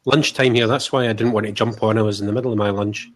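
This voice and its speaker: A man, a guest in a casual chat, talking in a relaxed, modest way over a video call from his flat. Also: fairly low pitch, fast. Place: flat at home.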